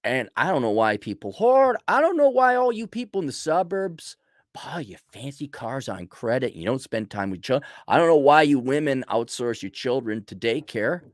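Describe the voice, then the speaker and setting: A man's voice: mid-range voice, big pitch swings, normal speed, dry recording, clean studio sound. A man hosting a casual ranting monologue, blunt and sarcastic. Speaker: host.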